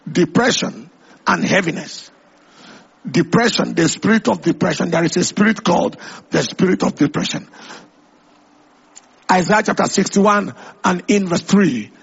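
A man preaching with a high voice that has a gravelly, husky edge. He builds emphatic, repetitive lines and quotes scripture at length. The sound is dull and lo-fi, like an old radio broadcast. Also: normal speed, pauses often. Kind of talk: sermon.

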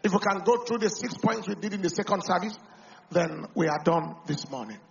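A Nigerian man delivers a sermon as pastor, his high voice rough with gravel. He rises into loud, fervent declarations, then drops to quiet, confiding remarks. The recording sounds a little muffled, with faint noise underneath. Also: fairly quick. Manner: swings from loud preaching to quiet talk, slips into Pidgin.

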